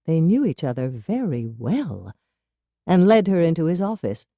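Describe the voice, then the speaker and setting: Woman narrator, low voice, lively intonation, mellow, dry close sound, audiobook reading. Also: no echo. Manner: expressive, measured storytelling.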